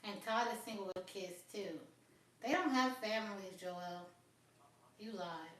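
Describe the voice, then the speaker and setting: A woman's voice: medium pitch, a little slow. A woman hosting a casual livestream on her phone, chatting and rambling to her viewers. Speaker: livestream host. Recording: very echoey room, far from phone mic.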